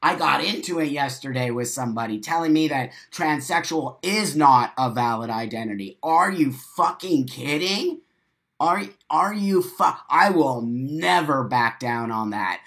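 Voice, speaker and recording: A livestream host in an unscripted, profane rant, repeating lines for punch, swinging between loud bursts and quiet asides, reading viewer comments. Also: medium pitch, animated. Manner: rapid-fire delivery.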